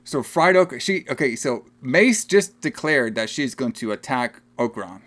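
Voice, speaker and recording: A young man co-hosting a podcast, recapping a movie in casual, animated chat and laughing often. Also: mid-range voice. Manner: animated, laughing, acts out film lines in quick voices. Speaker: podcast co-host.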